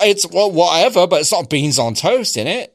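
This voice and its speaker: A man's voice: sits high, sing-song, normal speed. A man co-hosting a comedy chat, bantering in mock outrage and swearing freely. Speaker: podcast co-host.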